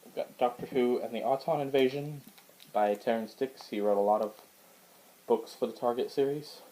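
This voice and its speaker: A man's voice: medium pitch, normal speed, warm tone, rough recording. A man casually showing his book collection to the camera in a rambling, hesitant way, with lots of fillers and restarts. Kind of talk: casual show-and-tell vlog. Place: indoors at home.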